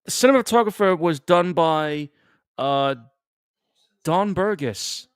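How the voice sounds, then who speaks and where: A man's voice: fairly high pitch, lively intonation, takes it slowly, clear, resonant tone, dry recording, clean studio sound. A man from England, co-hosting casual live movie commentary, laid-back, chuckling and swearing casually. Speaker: co-host.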